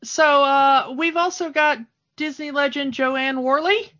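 A woman's voice: high-pitched, fairly even intonation, measured pace, a bit bright. A woman co-hosting a podcast in casual chat, talking with enthusiasm and lots of fillers. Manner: enthusiastic, gushing, many fillers. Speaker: podcast co-host. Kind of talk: casual chat about a cartoon film. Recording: dull lo-fi sound.

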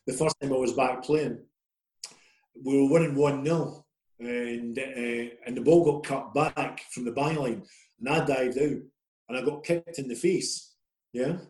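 Scottish male, middle-aged, ex-player guest, rambling anecdotal storyteller, mid pitch, roomy echoey recording. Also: steady tone, measured pace, a little mellow. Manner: rambling, self-deprecating storyteller. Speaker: former footballer guest. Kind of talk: casual anecdotal interview.

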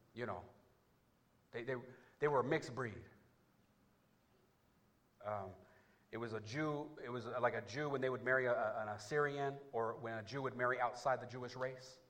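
A man preaching to his church, dropping low and quiet, then surging loud and high, with quick stammered restarts. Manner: restarts words in bursts. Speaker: pastor. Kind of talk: sermon. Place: church before a congregation.

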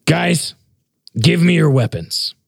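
A man with a gravelly, husky voice joins a tabletop game as a player. He speaks in a playful, joking way, a little higher than most men. The sound is dry and close. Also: lively intonation, slow pace, no room sound. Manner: playful, joking, laughs often.

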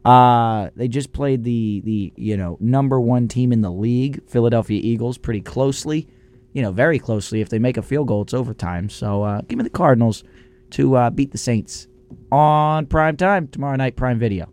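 A man co-hosting a casual sports podcast, animated and joking as he previews games. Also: mid-range voice, moderate pace. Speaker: podcast co-host.

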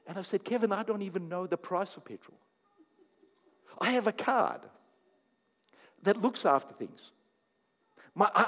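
A man preaching a sermon, telling stories and acting out conversations in an animated way. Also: high voice. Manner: animated, laughing, acts out dialogue. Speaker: pastor. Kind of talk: sermon with storytelling. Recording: long hall reverb.

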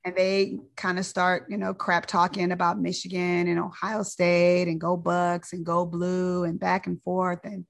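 Woman physician, personal storyteller, lower pitch, chatty with restarts. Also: completely flat delivery, a little slow, gravelly, hardly any pauses. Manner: conversational, repeats words, fillers.

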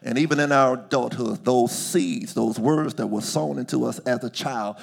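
Gravelly man preaching with swelling intensity. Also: medium pitch, moderate pace. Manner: call-and-response preaching, swings from hushed to shouting. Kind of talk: sermon.

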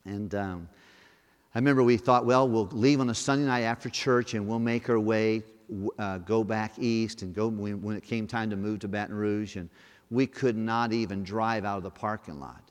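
A man's voice: lowish voice, normal speed, clear, resonant tone. Man preaching in an echoing church. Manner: folksy storytelling, acts out dialogue in lively quoted voices. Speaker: guest pastor. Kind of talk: storytelling sermon. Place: church service. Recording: long reverb of a church hall.

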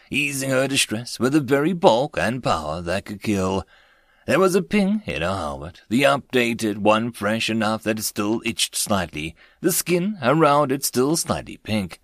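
A man narrating a web-novel audiobook in an expressive storytelling manner, close to the mic. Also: mid-range voice, no echo.

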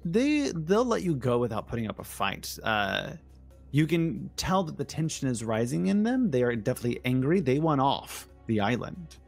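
A man narrating and ruling as game master of a tabletop game, explaining in a measured way. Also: mid-range voice, sing-song, creaky, soft background music.

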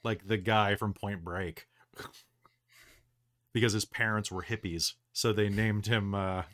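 A man's voice: lowish voice, steady tone, slow, fairly bright tone. A man hosting a casual podcast chat as game master, rambling with lots of fillers and restarts.

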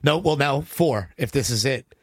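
A man co-hosting a podcast, chatting casually about songs with rambling restarts, swearing often, his voice hoarse and worn out. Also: mid-range voice, animated, moderate pace, no room sound, studio quality. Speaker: podcast co-host. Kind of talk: casual chat about music.

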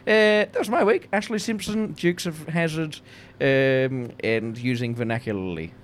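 A man co-hosting a comedy podcast, trading improvised deadpan banter with dry, mock-pompous wordplay. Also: on the high side, measured pace, slight background noise.

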